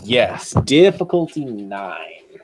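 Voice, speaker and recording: A man acting as game master in a tabletop game. He talks in a relaxed, chatty way with ums and laughs. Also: mid-range voice, slow, noisy background. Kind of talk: running a tabletop game over voice chat.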